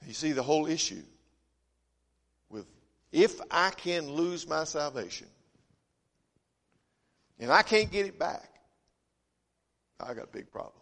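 Man preaching, high voice, folksy storyteller, long hall reverb. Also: expressive, a little slow, vocal fry, long pauses. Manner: folksy storytelling, swinging from loud emphasis to quiet asides. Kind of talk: sermon.

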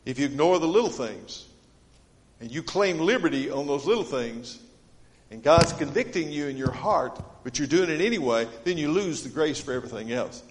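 A man's voice: a little high, lively intonation, normal speed, slight background noise. Earnest preacher man in a reverberant church. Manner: earnest, dynamic delivery swinging from loud to hushed. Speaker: pastor. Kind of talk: sermon. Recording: long reverb of a church sanctuary.

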